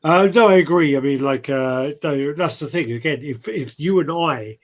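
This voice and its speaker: A man's voice: fairly high pitch, moderate pace. A man co-hosting a casual chat show, swearing freely and trailing off with fillers. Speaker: co-host of a collectibles chat show.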